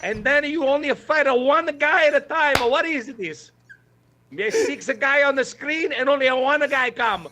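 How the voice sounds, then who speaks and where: A man's voice: extremely high pitch, normal speed, pushed and bright, a little hiss or hum, pitched above the performer's own voice. A man putting on a mock Italian accent with broken, exaggerated English. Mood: joking.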